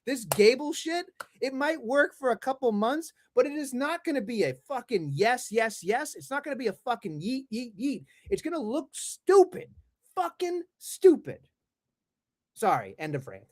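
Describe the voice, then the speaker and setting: A podcast co-host ranting heatedly about wrestling, swearing in nearly every line. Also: male voice, very high-pitched, very animated, normal speed, few pauses. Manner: swears constantly, heated rant. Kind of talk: profane ranting wrestling talk.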